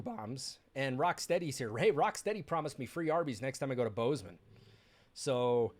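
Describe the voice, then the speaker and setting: A man's voice: medium pitch, very animated, moderate pace. A man chatting casually while streaming a game, rambling and candid, with bitter, sarcastic asides. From United States. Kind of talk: casual live-stream chat.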